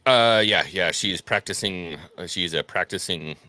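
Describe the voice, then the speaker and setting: A man's voice: sits low, moderate pace, sharp tone, no room sound. A man co-hosting a podcast in casual chat, trading sarcastic jokes. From Italian-American family. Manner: sarcastic and joking. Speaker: podcast co-host.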